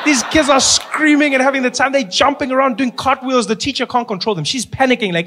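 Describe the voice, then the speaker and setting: A man's voice: quick pace, noisy background. A man doing stand-up comedy, telling stories animatedly and acting out the people in them. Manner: animated, acts out characters with big pitch swings. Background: audience laughter.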